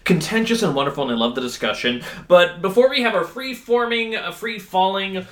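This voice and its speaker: A man's voice: high voice, lively intonation, roomy sound. A man hosting a casual podcast chat in a studio, joking and laughing often. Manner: jokey, quick asides, laughs often. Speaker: podcast host.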